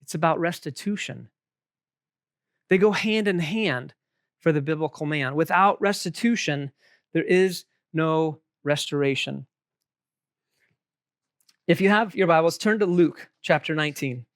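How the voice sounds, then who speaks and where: A man leading a Bible study group, animated and joking, asking the room questions. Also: a little high, a little slow, pauses often.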